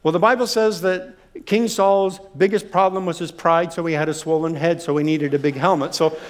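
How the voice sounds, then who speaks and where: A male preacher giving a sermon, emphatic and animated, telling humorous stories and repeating phrases. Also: on the high side, moderate pace.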